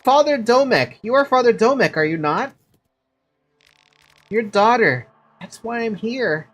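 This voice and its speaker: A woman's voice: fairly high pitch, animated, a little slow, voice pushed up. A woman voicing a determined young male soldier who speaks urgently and insistently.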